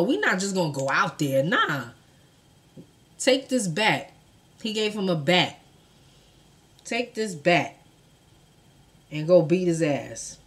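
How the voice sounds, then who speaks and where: Animated storytelling woman, casual and profane. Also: fairly low pitch, slow pace, pauses often. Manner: animated, profane, acts out quotes with big swings in loudness. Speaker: true crime storyteller.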